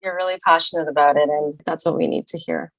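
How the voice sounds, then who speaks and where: A woman's voice: low-pitched, fairly even intonation, fast talker, poor audio. A woman hosting an interview podcast, encouraging her guests with brief prompts. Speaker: podcast host.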